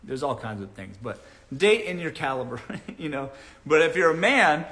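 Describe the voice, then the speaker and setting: Blunt, bright-voiced man riffing on dating. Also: on the high side, big pitch swings, moderate pace. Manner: blunt, mocking, laughs at his own points. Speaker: dating advice streamer answering live chat. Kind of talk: casual live-stream Q&A monologue.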